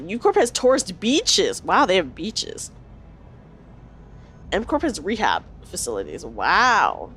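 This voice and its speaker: A woman's voice: on the low side, huge pitch swings, slow pace, fairly bright tone, a little hiss or hum. A woman streaming a game, chatting with viewers and reading dialogue aloud. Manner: chatty, reacts aloud and reads lines in character.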